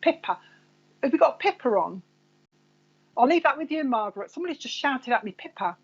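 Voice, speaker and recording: A woman's voice: sits high, animated, a little fast, highs cut off. A woman psychic medium giving live readings to viewers, chatty and rambling, calling people by name.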